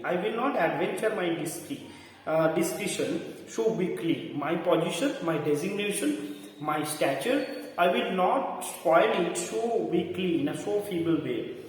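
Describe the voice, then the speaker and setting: A man explaining a play in class, full of fillers as he paraphrases the lines. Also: high voice. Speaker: literature teacher. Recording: echoey hall from far off.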